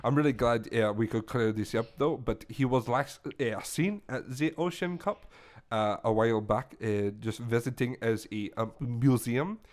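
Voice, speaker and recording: A man voicing a touchy, washed-up French caller with a put-on French accent and halting, indignant broken English in a comedic call-in bit. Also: mid-range voice, darkish tone, close to an everyday voice.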